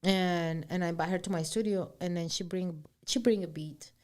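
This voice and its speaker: Animated woman telling stories. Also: on the low side, moderate pace. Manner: animated storytelling, switching between English and Spanish, swears freely. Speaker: guest singer-songwriter. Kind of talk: casual interview chat.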